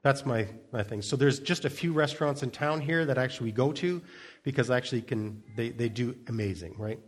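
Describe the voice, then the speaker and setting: A man's voice: mid-range voice, fairly quick. A middle-aged man preaching a casual sermon, telling humorous stories and often restarting his sentences. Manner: chatty, humorous storytelling with frequent restarts and repeated words. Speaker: pastor. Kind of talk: conversational sermon.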